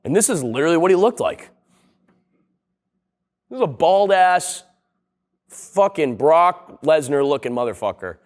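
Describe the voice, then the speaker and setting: A man's voice: a little high, very animated, unhurried, pauses often. A young man hosting a casual comedic video essay, rambling and sarcastic, with plenty of swearing. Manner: profane, rambling, sarcastic storyteller.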